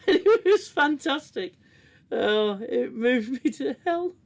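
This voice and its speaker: A man's voice: extremely high pitch, lively intonation, slow, vocal fry. A man hosting a casual review livestream, talking in a rambling, candid way, swearing often and laughing easily.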